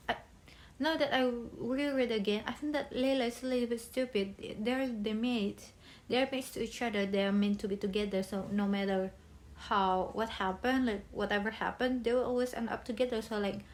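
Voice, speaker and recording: A young woman talking about a favorite book in a bubbly, chatty way, speaking English as a second language, with pauses and restarts. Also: mid-range voice. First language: not English. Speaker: book vlogger. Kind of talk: casual book chat.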